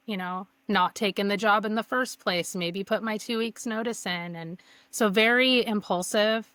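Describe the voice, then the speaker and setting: A woman's voice: mid-range voice, fairly bright tone, no echo. A young woman candidly telling her personal story as a podcast guest, earnest, with many fillers and restarts.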